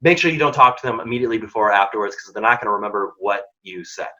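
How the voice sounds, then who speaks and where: Bright-voiced man giving career workshop advice. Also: on the low side, very fast, dull audio. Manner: direct, emphatic advice with punchy short lines. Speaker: program founder and workshop host.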